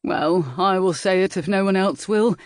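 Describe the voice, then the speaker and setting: A woman's voice: medium pitch, normal speed, no echo, studio quality, natural voice. A woman voicing a heavy-set, jovial middle-aged lord in a period audiobook, bluff and hearty in manner.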